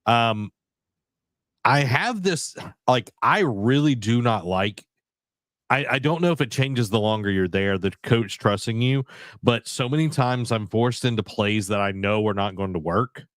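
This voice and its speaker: A man's voice: medium pitch, lively intonation, measured pace, a bit bright, no echo, clean studio sound. A man co-hosting a podcast, chatting casually about video games and rambling with many fillers and restarts. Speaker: podcast co-host.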